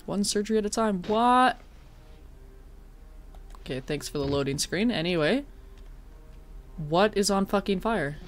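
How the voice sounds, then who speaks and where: Woman streamer, mid-pitched, cracks jokes and curses, hams up fake grief. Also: animated, measured pace, pauses often, a little hiss or hum. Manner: jokey, swears a lot, mock-dramatic wailing. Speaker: streamer playing a horror game. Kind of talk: casual game-stream chat.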